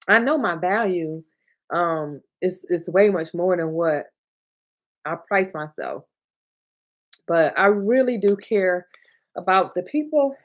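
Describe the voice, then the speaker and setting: Speaking slowly and pausing often, a woman with a lowish voice chats casually on her livestream. She's from Michigan, in her 30s or 40s, and trains notary signing agents. Warm and talkative, she engages the chat, laughs often and gets emotional.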